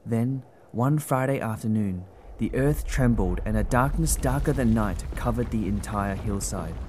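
Guy reading a story aloud, gentle and expressive, lowish voice. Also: measured pace, slight background noise. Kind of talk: storybook narration.

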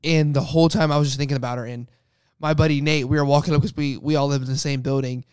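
A man's voice: a little high, steady tone, quick pace, a little mellow, smooth, dry recording, clean studio sound. A young man co-hosting a casual faith podcast, telling a personal story with lots of restarts. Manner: rambling storyteller with many restarts. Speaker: podcast co-host.

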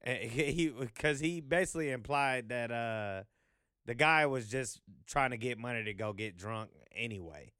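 A man's voice: mid-range voice, lively intonation, moderate pace, pushed and bright, clean tone, no echo, clean studio sound. A man hosting a vlog, talking in a loose, profane, rambling monologue full of fillers. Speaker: vlog host.

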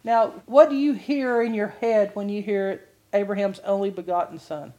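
An older woman giving a sermon-style Bible teaching, telling a personal testimony with animated storytelling and frequent laughter. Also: mid-range voice, moderate pace, muffled recording.

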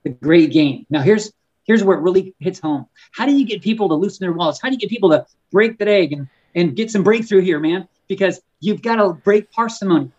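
A man, an author and guest on a podcast, talking in a fervent preaching style, often repeating words and slowing down on key words. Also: sits high, darkish tone, breathy edge, lo-fi sound. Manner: fervent and emphatic, stretching key words slowly; frequent stumbles and repeated words. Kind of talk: preaching-style conversational talk.

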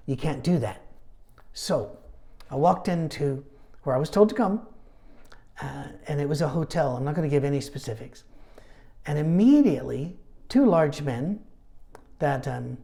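A middle-aged man leading a Bible study, talking casually and telling animated stories with asides. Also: fairly high pitch, moderate pace, creaky, long pauses. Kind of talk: conversational Bible teaching.

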